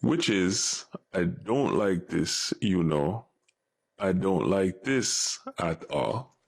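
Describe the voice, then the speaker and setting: A Jamaican man with a lowish, gravelly voice explains phrases slowly. He translates each example line by line in a measured way. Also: expressive. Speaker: language teacher.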